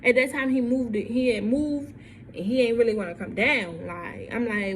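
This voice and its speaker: Young woman, storytime vlog, lively, repeats herself, fairly high voice. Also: normal speed, slight background noise. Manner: animated, repeats lines, acts out quotes. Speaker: vlogger.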